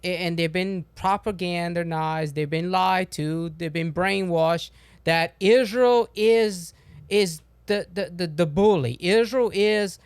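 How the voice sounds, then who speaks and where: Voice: mid-range voice, slow, smooth, dry recording. A co-host in casual political talk who agrees a lot and grows impassioned when he makes his own points. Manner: agreeable, lots of back-channel, impassioned when he speaks up.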